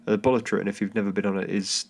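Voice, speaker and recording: A man's voice: on the low side, flat delivery, fast, gravelly, breathy edge. A man hosting a solo podcast, telling a travel story in a rambling, casual way with lots of fillers, restarts and chuckling asides. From England. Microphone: home microphone. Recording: guitar bedding music under the voice. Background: soft guitar background music.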